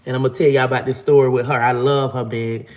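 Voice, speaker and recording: A man's voice: medium pitch, level tone, quick pace. A man, casually telling a long, profane story. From Florida. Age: 40s. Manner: profane, rambling, acts out quotes in a raised voice. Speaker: vlogger.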